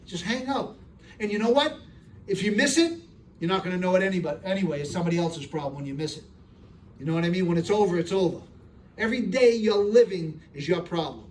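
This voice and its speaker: A middle-aged man answers questions from a live audience in an earnest, streetwise way. His voice sits a little high for a man. It is picked up from across the room with faint background noise. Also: animated, fast talker, recorded from a distance. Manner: streetwise, earnest, tells stories with acted voices.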